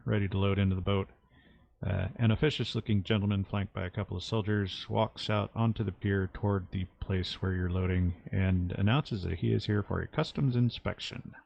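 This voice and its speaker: A man narrating as game master of a tabletop game, halting and full of uhs. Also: lowish voice, gravelly, lo-fi sound.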